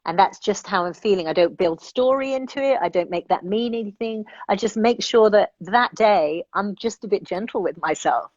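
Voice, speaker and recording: A woman's voice: mid-range voice, moderate pace, few pauses, darkish tone, dry recording, highs cut off. A woman life coach speaking as a guest in an interview, earnest and reflective, thinking aloud and checking that the listener follows her.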